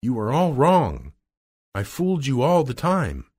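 A man's voice: mid-range voice, huge pitch swings, a little slow, a little mellow, breathy edge, pitched above the performer's own voice, exaggerated voice. A man reading aloud and voicing a frightened little old male wizard who speaks in a small, pleading voice.

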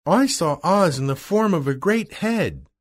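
A man putting on a high-voiced curious young girl. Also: animated, measured pace. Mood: questioning.

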